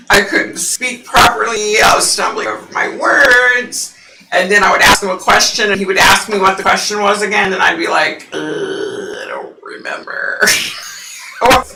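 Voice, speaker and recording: A woman hosting a psychic livestream, chatting casually with viewers and laughing often; her voice sounds unusually deep through the mic. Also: vocal fry, sharp tone, echoey room, recorded from a distance, a little hiss or hum, poor audio.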